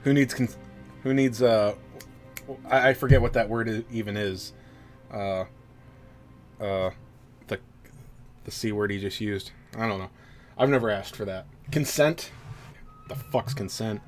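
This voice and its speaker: A man's voice: lowish voice, a little slow, pauses often, soft background music. Sweary, joking male streamer. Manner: swearing, joking, self-deprecating, easily sidetracked. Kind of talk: casual live-stream chat, reading a game story aloud.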